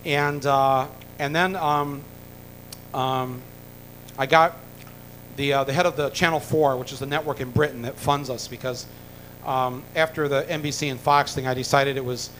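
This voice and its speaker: A man's voice: medium pitch, steady tone, normal speed, fairly bright tone, slight background noise, low-quality recording. A man from the United States tells a long, rambling story with many fillers and restarts, dropping in wry jokes. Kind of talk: rambling anecdote told to an audience.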